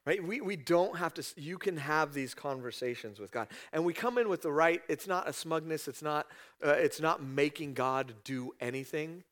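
A man preaching a conversational sermon, reading scripture and voicing prayers and God's replies with sudden raised, higher bursts. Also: normal speed, hardly any pauses, fairly bright tone. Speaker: pastor.

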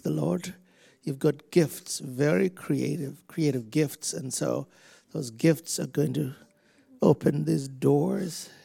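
A man preaching and praying over a person, slow and emphatic, shouting commands then softening to near whispers. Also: on the high side, gravelly, husky. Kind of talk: prophetic ministry and prayer.

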